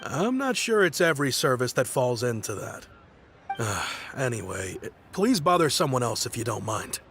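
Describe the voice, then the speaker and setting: A man's voice: mid-range voice, very animated, normal speed, fairly bright tone, slight background noise. A man voicing a busy, impatient townsman in a video game who speaks curtly. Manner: curt and impatient. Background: game music.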